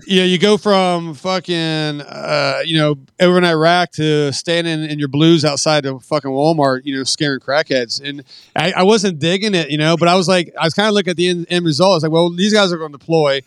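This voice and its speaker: A man's voice: fairly high pitch, a little fast, smooth, dry recording. A retired Marine man in his forties telling rambling, profane war stories in a casual podcast interview.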